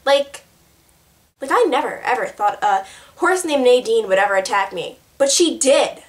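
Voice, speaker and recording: A woman's voice: a little high, lively intonation, normal speed. A young woman chatting to camera in a rambling, giggly way, answering tag questions. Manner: bubbly, rambling, giggly, lots of "like". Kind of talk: casual chat to camera.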